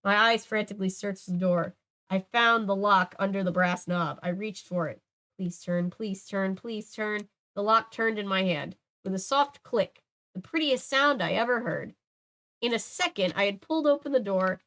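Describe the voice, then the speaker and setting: A young woman reading a children's horror book aloud in a casual, unhurried way, dropping in joking asides. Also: mid-range voice, expressive, a bit bright. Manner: swears and jokes in casual asides.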